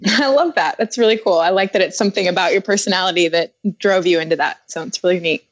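A woman's voice: on the low side, quick pace, no room sound, dull audio. A woman on a podcast call, chatting in a curious, giggly, talkative way. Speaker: podcast panelist. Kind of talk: casual podcast discussion.

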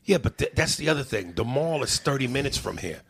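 Gravelly husky dude cussing loud in a casual chat, real animated. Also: male voice, mid-range voice, fast. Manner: loud, animated, swears freely.

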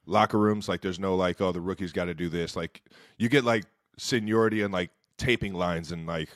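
A man's voice: deep voice, brisk, no room sound, studio quality. A man in his thirties co-hosting a casual sports podcast, talking loosely with lots of "like" fillers and cursing. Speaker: podcast co-host.

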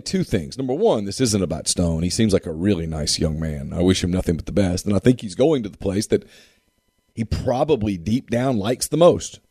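A man's voice: lowish voice, warm tone, breathy edge, no room sound, studio quality. A man co-hosting a casual sports talk show with an emphatic, repetitive way of making his points. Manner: emphatic, repeats phrases for effect.

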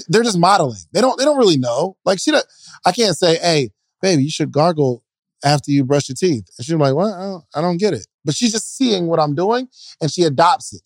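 Young man, casual podcast chat, relaxed slangy storytelling, higher voice, dry sound. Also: no room sound.

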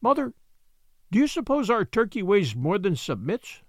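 An anxious, gentle little girl, as a male narrator puts her on, murmuring worried questions in a storybook reading. The pitch is lifted and moves expressively up and down. The sound is close and dry. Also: big pitch swings, normal speed, no room sound.

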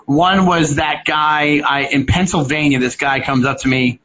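A man's voice: unhurried, noisy background. A man, a stand-up comedian, chatting casually over a video call and acting out hecklers with big swings in voice. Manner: animated storyteller, acts out hecklers with loud swings in pitch. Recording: lo-fi call audio.

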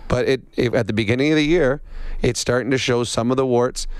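A man analyzing hockey on a sports talk radio show, explaining his points in a measured way. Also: medium pitch, smooth, dry recording.

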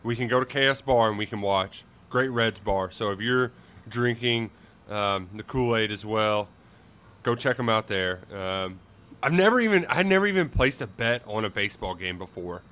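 A man co-hosting a sports podcast from his home, talking in a hurried, halting way with many fillers. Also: on the low side, fairly bright tone. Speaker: podcast co-host. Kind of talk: casual sports chat.

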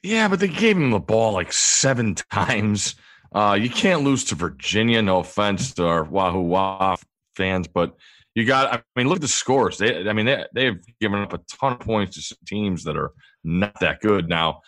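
A man's voice: lowish voice, expressive, moderate pace, fairly bright tone, dry recording. A man speaking as a guest analyst in casual sports chat, rambling and correcting himself. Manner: rambling, self-correcting talk.

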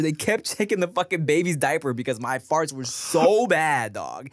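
A man co-hosting a podcast, joking crudely in relaxed casual chat. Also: on the high side, normal speed, dry recording, clean studio sound. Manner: laid-back, crude joking. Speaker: podcast co-host.

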